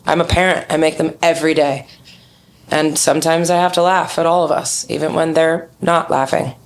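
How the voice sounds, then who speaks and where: Candid woman guest with a lowish voice. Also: moderate pace, a little hiss or hum. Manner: candid, animated storyteller who acts out quotes. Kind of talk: casual interview chat.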